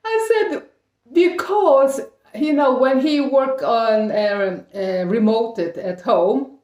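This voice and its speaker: Slow-talking Brazilian woman telling a story. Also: on the high side, darkish tone, recorded from a distance. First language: Portuguese. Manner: halting non-native English, often restarting, laughs between phrases. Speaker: vlogger. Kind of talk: casual storytelling. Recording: echoey room, voice a bit off-mic.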